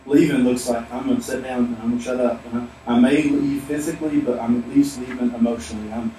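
A man's voice: mid-range voice, steady tone, quick pace, dark tone, a little hiss or hum. A man pastor preaching a sermon in a church, emphatic and repetitive. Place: church sanctuary. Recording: echoey hall, mic at a distance.

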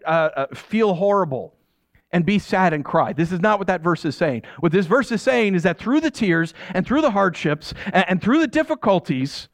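A man's voice: high-pitched, no echo. Middle-aged guy preaching a sermon, chatty, does little voices for the quotes, dry close sound. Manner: conversational, acts out quoted voices, repeats phrases for emphasis. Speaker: pastor.

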